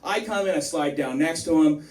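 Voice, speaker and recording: A man telling a rambling, profane stand-up story to a live bar audience, getting louder as it builds. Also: on the high side, moderate pace. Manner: rambling, swears a lot, builds to excited shouting. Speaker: stand-up comedian. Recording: roomy live bar recording from a distance. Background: audience laughing.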